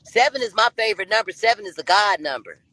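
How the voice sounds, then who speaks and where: A woman's voice: medium pitch, animated, fast, pushed and bright, slight background noise, low-quality recording. A woman in her fifties answering interview questions as a guest, brash and self-assured, drawling and repeating her points. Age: 50s. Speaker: guest on a dating talk show.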